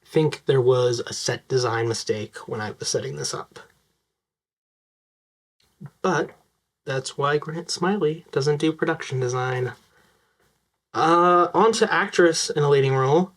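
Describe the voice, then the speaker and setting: A young man giving casual, enthusiastic commentary on his film picks, talking quickly with lots of fillers. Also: a little high, a bit bright. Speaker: vlogger.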